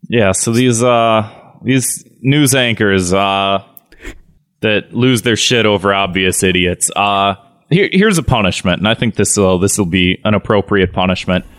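A man's voice: on the low side, a little slow, fairly bright tone. A man co-hosting a podcast, ranting and swearing with frequent laughs. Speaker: podcast co-host. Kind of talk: casual podcast banter.

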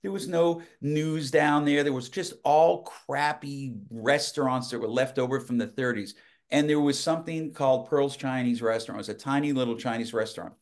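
A man guest on a podcast, telling lively anecdotes in casual conversation, often restarting his sentences. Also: mid-range voice, moderate pace. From United States. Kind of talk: casual storytelling.

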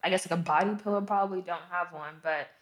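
A woman's voice: on the low side, quick pace. Slangy woman, echoey room. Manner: relaxed, slangy, swearing. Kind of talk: casual explicit chat.

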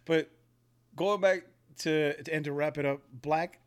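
A man's voice: a little high, steady tone, unhurried, clean tone. A man co-hosting a podcast in casual chat, retelling scenes with acted-out quotes and frequent laughter. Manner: storytelling, laughs often, acts out quotes. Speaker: podcast co-host.

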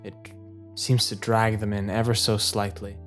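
Brief: low-voiced male storyteller, loose and laughing, faint music behind. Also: little pitch movement, moderate pace. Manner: laughs often, narrates in a loose, rambling way. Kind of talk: improvised collaborative storytelling.

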